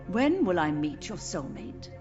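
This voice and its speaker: A woman voicing a grieving elderly mother in a game, speaking softly and tenderly, with a gentle, sorrowful manner. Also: fairly low pitch, very animated, a little slow, highs cut off, faint music behind. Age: older. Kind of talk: game voice acting.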